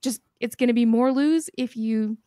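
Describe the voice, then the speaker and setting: Animated, swearing woman host, dry sound. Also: a little high, normal speed, dry recording. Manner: animated, swears freely, laughs through the story. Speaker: podcast host. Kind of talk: casual storytelling chat.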